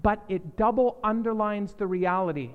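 This sermon comes from a man speaking as pastor, emphatic and repetitive with key phrases, moving between loud declarations and whispered asides. His voice sits high and moves at a moderate pace, with a long reverb tail and phone-quality sound.

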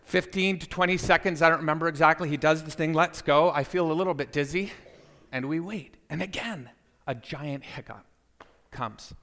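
A man telling a personal story to listeners, animated and speaking to them directly. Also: on the high side, normal speed, in a large hall. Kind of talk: storytelling talk.

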